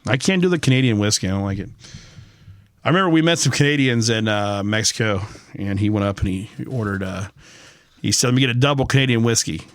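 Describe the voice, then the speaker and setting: A man's voice: lowish voice, fairly quick, dry recording. A man hosting a casual podcast chat. He is a little tipsy, and he talks in a rambling way with plenty of swearing. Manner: profane, rambling. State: slightly tipsy. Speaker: podcast host.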